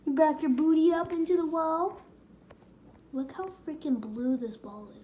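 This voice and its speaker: In a noisy home video, a woman with a warm, high-pitched voice talks playfully to her dogs at a moderate pace. It's loose, unscripted vlog chatter recorded indoors at home.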